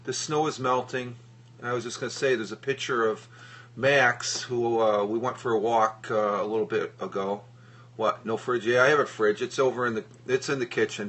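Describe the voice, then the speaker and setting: A man's voice: medium pitch, a bit bright. A middle-aged man from the northeastern US chatting casually on a live stream from his home computer desk, rambling with lots of fillers and restarts. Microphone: tablet microphone.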